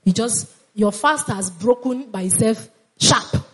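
Her voice is a little high, bright and husky, and she takes her time. She preaches a fervent sermon, repeating phrases and calling on the congregation to answer back.

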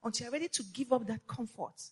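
A woman preaching a sermon to women, passionate and repetitive, firing rhetorical questions and rising to shouts. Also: a little high, quick pace, breathy edge.

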